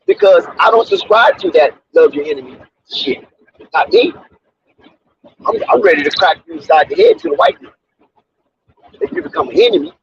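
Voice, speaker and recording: A man's voice: on the high side, wildly swooping pitch, normal speed, vocal fry, pauses often, a little hiss or hum. A man hosting his own sports commentary channel, talking in an emphatic, preachy and repetitive way with street slang, on a dull lo-fi recording. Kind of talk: off-the-cuff sports commentary monologue.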